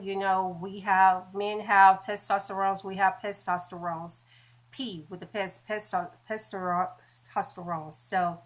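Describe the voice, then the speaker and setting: A woman's voice: medium pitch, a bit bright. A woman hosting a casual livestream from her phone, chatting and stumbling over medical words. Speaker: livestream host.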